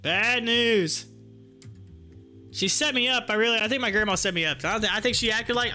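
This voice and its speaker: A man's voice: sits high, a little fast, bright, forceful tone, soft background music. A man hosting a livestream, rambling through a funny personal story and laughing often. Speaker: livestream host. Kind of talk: casual storytelling.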